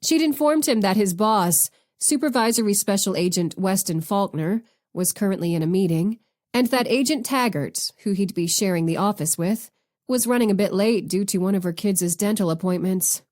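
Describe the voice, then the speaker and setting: Woman audiobook narrator, steady expressive read. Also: mid-range voice, normal speed. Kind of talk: scripted narration.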